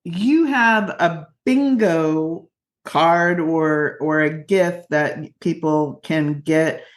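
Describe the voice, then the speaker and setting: Slow, gentle-voiced woman host. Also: sits low. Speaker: radio show host. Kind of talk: interview.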